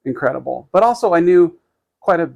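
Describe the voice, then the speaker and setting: A man co-hosting a podcast, telling a story in casual chat, rambling and halting with many fillers, lively when he quotes others. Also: fairly high pitch, gravelly, dull audio. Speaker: podcast co-host.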